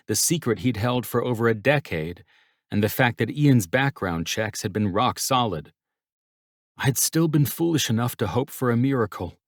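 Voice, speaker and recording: A man reading a romance audiobook in first person, with measured, even storytelling. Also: deep voice, no echo, studio quality. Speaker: audiobook narrator.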